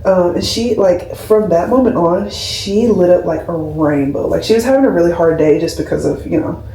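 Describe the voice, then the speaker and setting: A young woman and nurse talks to her camera in a casual, rambling, heartfelt way, leaning on "like" as she goes. Her voice is mellow and soft-edged. It sounds roomy and a little distant, picked up by a camera sitting on a shelf. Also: on the low side, moderate pace. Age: 20s. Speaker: labor and delivery nurse, vlogger. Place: home room, camera on a skincare shelf. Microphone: camera mic at a distance.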